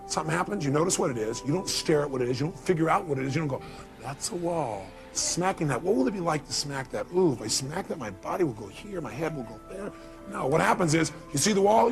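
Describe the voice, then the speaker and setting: A male motivational speaker addresses a seminar audience in a rapid, gravelly voice that sits a bit high for a man. He tells energetic stories and jumps in and out of acted-out dialogue. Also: soft background music. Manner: energetic storytelling, acting out dialogue. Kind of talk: live seminar speech.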